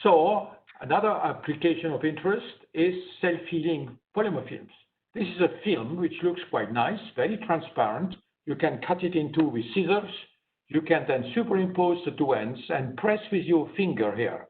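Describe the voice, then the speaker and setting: Man, guest lecturer, academic science talk, step-by-step explanations, slightly high voice, thin phone-like sound. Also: animated, normal speed. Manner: explanatory, walks through slides step by step. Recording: tinny phone-like online lecture audio.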